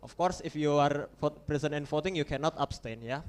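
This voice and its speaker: A young man with an Indonesian accent chairs a model UN roll-call vote in English, with a slightly raised voice. He talks in a halting way, restarting and correcting himself as he goes. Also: fairly high pitch, clear, resonant tone. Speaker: conference chair.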